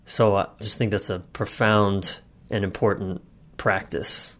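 A man's voice: on the low side, fairly even intonation, measured pace, fairly bright tone. A man telling personal stories in a candid, blunt way in a podcast conversation, swearing freely.

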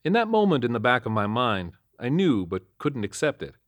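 A man's voice: medium pitch, sing-song, moderate pace, dry recording, clean studio sound. A man narrating a first-person supernatural cop story in an earnest, matter-of-fact way.

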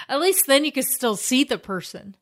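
A woman's voice: sits high, sing-song, normal speed. A woman co-hosting a podcast, giving dry, short replies in casual chat. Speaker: podcast co-host.

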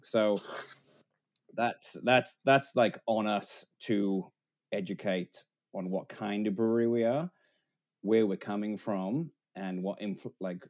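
A man from Wales with a fairly low voice talks about his brewery on a podcast. He is relaxed and chuckles easily. He often pauses to gather his thoughts, with plenty of "um" and "like". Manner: laid-back, laughing, halting with fillers. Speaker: brewery co-owner guest. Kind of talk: casual podcast chat.

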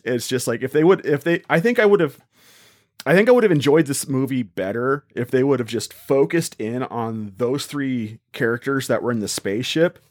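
A man's voice: medium pitch, no echo, studio quality. A man co-hosting a casual movie review chat, opinionated and emphatic, often restarting his phrases. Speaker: podcast co-host.

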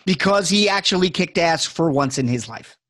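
A man co-hosting a casual chat, animated, laughing often and acting out quotes. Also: a little high, normal speed. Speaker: podcast co-host.

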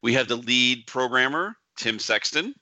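A man's voice: medium pitch, expressive, unhurried, bright, forceful tone. A man co-hosting a casual podcast over a call, laid-back and agreeable, often echoing his co-host. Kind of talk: casual chat. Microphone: remote call. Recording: dull lo-fi sound.

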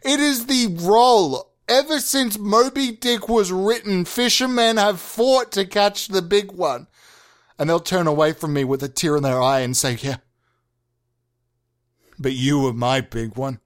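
A young man improvising as an earnest, melodramatic fisherman obsessed with catching the big one, rambling and deadpan with sudden overblown outbursts. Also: medium pitch, moderate pace, pauses often, close to an everyday voice. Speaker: podcast host. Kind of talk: improvised comedy monologue.

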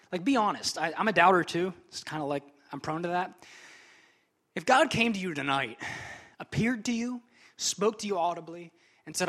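A man's voice: fairly high pitch, fairly bright tone. A young man preaching a sermon as pastor, conversational and chatty, with frequent casual asides.

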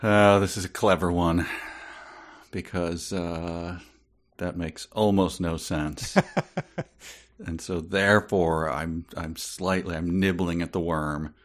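A man's voice: low voice, fairly even intonation, slow pace. A man playing a guessing game, bemused and laughing as he makes his calls. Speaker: contestant. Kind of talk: casual chat.

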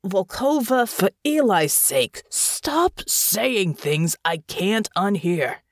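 A woman voicing a gruff, weary male bear-morph army captain in an audiobook, blunt and exasperated. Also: medium pitch, lively intonation, dry recording, clean studio sound, voice pushed up. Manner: blunt, exasperated, slow drawl. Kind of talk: audiobook character voice.

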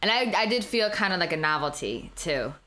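Low-voiced blunt New York woman. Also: fairly quick. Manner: blunt, profane, animated storyteller. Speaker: podcast guest. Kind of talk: casual interview chat.

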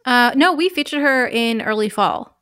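A woman co-hosting a casual talk show, speaking plainly and in a relaxed way. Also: on the high side, normal speed, clear, resonant tone, no echo, studio quality. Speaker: co-host. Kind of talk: casual podcast chat.

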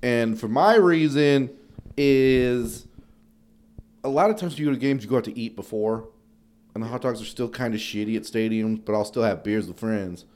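A man's voice: mid-range voice, normal speed, a little mellow. A young man co-hosting a comedy podcast who swears freely and jokes in a mock-wounded way. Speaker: podcast co-host. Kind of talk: casual comedic banter.

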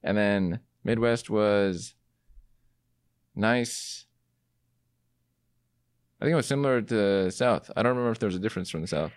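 A man's voice: fairly low pitch, moderate pace, pauses often, dry recording, studio quality. A man hosting a podcast interview, playful and teasing in casual chat. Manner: playful, teasing, loose asides. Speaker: podcast host.

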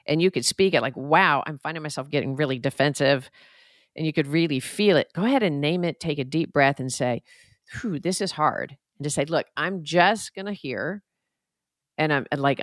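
A woman's voice: deep voice, expressive, fairly quick, no room sound, clean studio sound. A woman therapist co-hosting a podcast, explaining in an earnest, reflective, conversational way. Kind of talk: casual conversational advice.

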